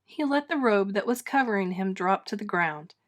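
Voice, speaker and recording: A woman reading a children's storybook aloud with dramatic, expressive narration. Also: medium pitch, moderate pace. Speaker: storybook reader. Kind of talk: children's book read-aloud.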